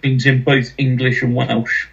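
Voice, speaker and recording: A man hosting a relaxed podcast, speaking plainly with dry humour. His mid-pitched voice has a gravelly, creaky edge. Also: unhurried, lo-fi sound. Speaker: podcast host. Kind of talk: casual podcast chat.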